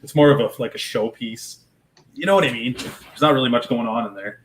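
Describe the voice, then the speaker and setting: A man talking in a relaxed, slightly boastful way in a casual aquarium chat. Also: mid-range voice, fairly quick, poor audio. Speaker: aquarium hobbyist co-host.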